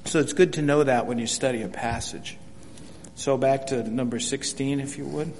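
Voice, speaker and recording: A man's voice: mid-range voice, steady tone, moderate pace, a little mellow. An older man teaching a Bible study in a folksy, conversational way, often repeating words and acting out the lines he quotes. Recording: reverberant hall with faint hum.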